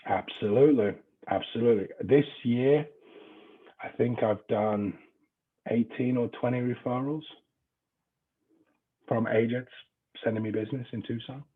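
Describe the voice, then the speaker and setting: A man's voice: mid-range voice, fairly even intonation, measured pace, long pauses, breathy edge, narrow, tinny audio. A man with an English accent leading a real estate training class in a chatty, informal way, swearing now and then. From England.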